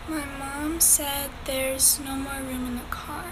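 A woman's voice: sits high, steady tone, takes it slowly, noisy background. A woman playing a hesitant, awkward teenage girl on a livestream in a comedic skit. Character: lonely teen girl on a livestream.

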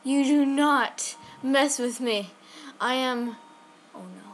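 High-voiced woman narrating her gameplay. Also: slow pace, soft background music. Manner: chatty, excitable, addresses viewers. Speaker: gaming channel host. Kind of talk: live game commentary.

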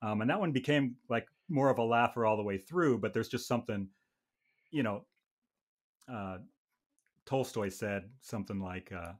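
A man's voice: on the low side, normal speed, pauses often. A man hosting a casual podcast chat about music, talking in a wry, rambling way with frequent restarts. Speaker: podcast host and bandmate.

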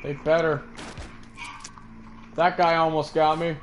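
A man chats through an online shooter match with a friend, bragging and cracking jokes in a slightly high voice. The recording carries clear background noise under his talk. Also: little pitch movement, takes it slowly, muffled recording. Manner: joking, boastful trash talk. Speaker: gamer streaming a match. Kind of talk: casual gameplay chat.

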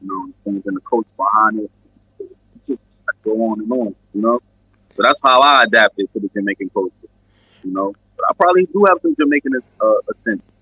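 A man's voice: fairly low pitch, expressive, brisk, pushed and bright, breathy edge, no echo, low-quality recording. A man from New York with a New York accent, a guest musician rambling in a laid-back, casual interview full of fillers. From Queens and Brooklyn, New York.

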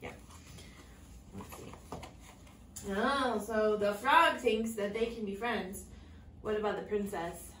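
Here a woman teaches English to small children, reading them a storybook and gently posing easy questions. Her mid-range voice is fairly bright, moving slowly with long pauses. The audio is echoey and distant, with faint noise.

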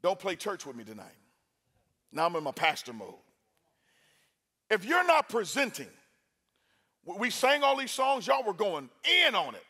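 High-voiced energetic male preacher. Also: normal speed, long pauses. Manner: energetic, talks with the crowd, with sudden loud bursts. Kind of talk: sermon. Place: university chapel.

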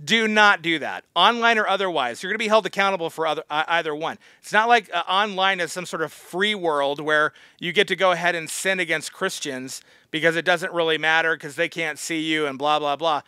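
Man, pastor, bright high voice, blunt scolding delivery, dry close sound. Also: a little fast, few pauses, clear, resonant tone, no echo. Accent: American. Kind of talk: Bible study teaching.

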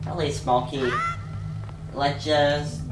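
A woman giving casual, chatty gameplay commentary who talks to herself and breaks into excited yelps. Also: deep voice, takes it slowly, roomy sound, loud music behind the voice. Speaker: let's play host.

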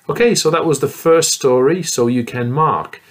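A man teaching young children, reading picture books aloud in a slow, sing-song, exaggerated way. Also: a little high.

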